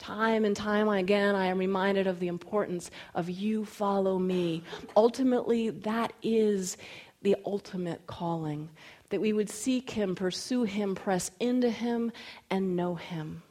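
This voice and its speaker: A woman preaching a sermon, telling personal stories in an animated way and going soft and slow on key lines. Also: mid-range voice. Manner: animated storytelling with quoted voices. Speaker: speaker.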